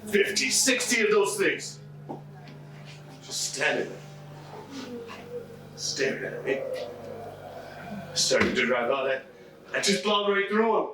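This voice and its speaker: A man's voice: sits high, big pitch swings, takes it slowly, pauses often, heavily acted. A man playing a grim, tough survivor. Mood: haunted. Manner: grim, clipped and commanding. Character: tough, tense man holding out against the dead. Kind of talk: stage acting. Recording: echoey hall from far off with music.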